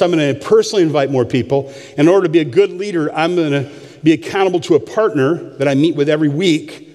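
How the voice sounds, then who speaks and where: A man's voice: fairly high pitch, a little mellow. An older man, a pastor, preaching a sermon with folksy, humorous storytelling in a church sanctuary. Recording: long church hall reverb.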